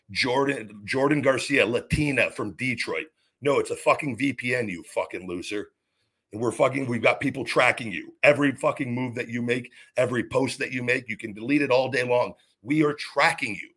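A man's voice: medium pitch, sharp tone, husky. Man ranting on his podcast. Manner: heated, profane ranting with repeated restarts. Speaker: podcast host. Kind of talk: podcast monologue.

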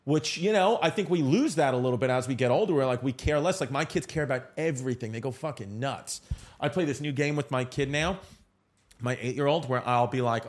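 Animated, wisecracking male podcast host. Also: mid-range voice, fairly quick. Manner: animated, joking, exaggerating, swears freely, talks over his guest. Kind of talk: casual comedy podcast chat.

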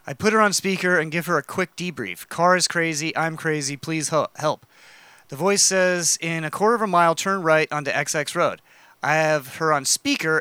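Brief: male co-host, bright crisp voice, dry close-miked sound, reads a story aloud. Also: on the high side, no echo. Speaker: podcast co-host. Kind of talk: casual chat, reading a story aloud.

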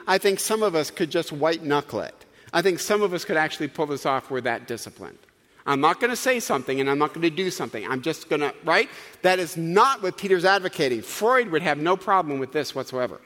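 A man's voice: a little high, a bit bright. A man preaching a sermon with humor and asides to the congregation. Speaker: pastor. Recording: long hall reverb.

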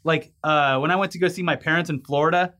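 A man's voice: fairly high pitch, steady tone, quick pace, sharp tone. A man co-hosting a casual news chat, rambling and laughing easily as he reads out stories. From California. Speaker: podcast co-host.

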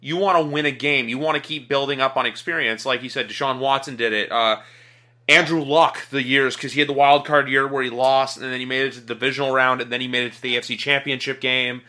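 Male co-host, bright, rambly, mid-pitch, casual. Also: steady tone, fast talker. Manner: rambling, many fillers, talks in long runs. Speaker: podcast co-host. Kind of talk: casual sports debate.

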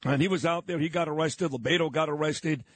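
A man's voice: on the high side, fairly quick, no room sound. A male talk radio host in a studio, blunt and fired up as he rails through his monologue and talks with a guest. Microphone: studio microphone.

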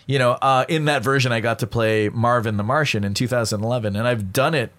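Guest voice actor, middle-aged man, mid-pitched, quick animated storyteller. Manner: fast, animated storytelling with many fillers. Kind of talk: casual podcast chat.

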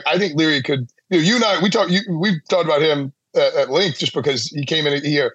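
A man's voice: fairly high pitch, breathy edge, no echo. A man appearing as a guest sportswriter in casual podcast chat, rambling and self-deprecating, with frequent laughs.

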